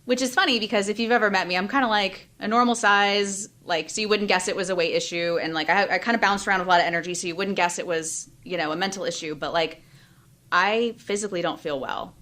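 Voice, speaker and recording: A woman in her thirties, a life and business coach, talking openly and emotionally in an interview, with quick bursts of speech and many fillers. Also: mid-range voice, fairly even intonation, fairly bright tone. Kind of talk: candid interview conversation.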